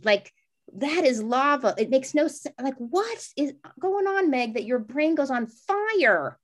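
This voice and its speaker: A woman in her forties co-hosting a podcast, telling a personal story in a rambling, animated way and acting out quoted voices. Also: a little slow. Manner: animated, acts out quoted voices with big pitch jumps; rambling with frequent restarts and "like". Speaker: podcast co-host. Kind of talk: casual chat, personal storytelling.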